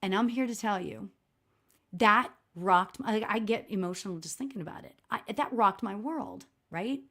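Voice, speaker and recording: A middle-aged woman hosting a live stream as a spiritual medium, telling a personal story in a chatty, expressive way with a loud voice. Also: mid-range voice, moderate pace. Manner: chatty and expressive, frequent "right?" and laughs; self-described loud voice. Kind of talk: casual livestream storytelling.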